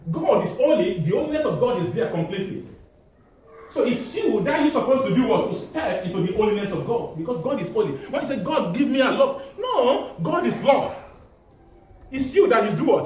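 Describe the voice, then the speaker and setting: A man with a Nigerian accent preaches in a high, lively voice, calling out questions for the congregation to answer. His words ring through a big echoey church hall, picked up from a distance with faint ambient noise. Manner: animated, asks the audience to fill in answers, laughs often. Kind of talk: sermon.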